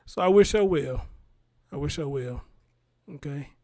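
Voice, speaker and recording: A man's voice: a little high, lively intonation, a little slow, a little mellow. A man, rambling in casual live-stream commentary and talking straight to his viewers. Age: 40s.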